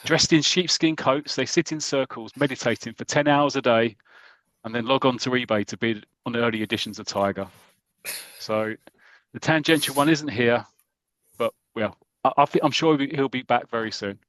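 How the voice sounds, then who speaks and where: A man's voice: mid-range voice, moderate pace, fairly bright tone, no echo, rough recording. A British man hosting a podcast, playfully introducing each member of the team in a casual chat. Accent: British English. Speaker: podcast host.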